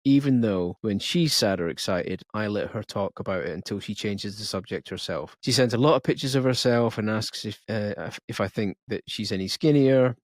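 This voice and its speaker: Man with a low voice, podcast host reading a listener letter, steady delivery, dry close sound. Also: no echo.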